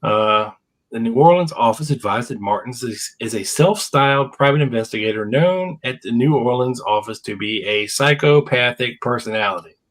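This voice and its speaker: Man in his fifties, medium pitch. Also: moderate pace, a bit bright, low-quality recording. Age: 50s. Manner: reads old legal papers aloud with wry asides. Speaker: podcast host. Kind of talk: casual chat, reading documents aloud.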